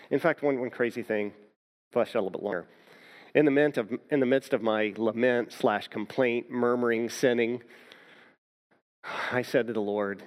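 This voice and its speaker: A man's voice: mid-range voice, steady tone, normal speed, pauses often. A man pastor preaching a sermon, telling a personal story and often repeating words as he starts a thought.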